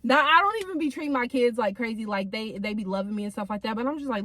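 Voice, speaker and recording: A young woman with a slightly high voice tells a story in a chatty, slangy way, packed with fillers. She talks casually to her viewers while sitting in her car. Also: animated, fast talker, hardly any pauses, pushed and bright, dry recording. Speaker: vlogger.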